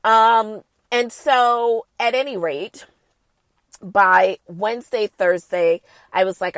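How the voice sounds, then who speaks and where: A woman hosting a casual podcast, sassy and animated, talking while she has a cold. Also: mid-range voice, slow, dry recording. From the Bronx. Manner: sassy, animated, playful asides. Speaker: podcast host. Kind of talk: casual chat.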